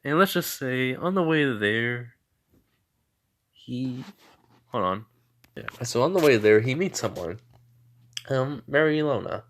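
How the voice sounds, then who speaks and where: A man's voice: medium pitch, animated, measured pace, long pauses, fairly bright tone. A man casually improvising a fan story, rambling with many "you know" fillers.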